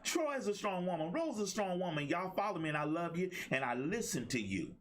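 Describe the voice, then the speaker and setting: A man's voice: high-pitched, sing-song, brisk, fairly bright tone, slight background noise. A middle-aged man hosting a motivational livestream, talking in a preachy call-and-response style. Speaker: host and life coach.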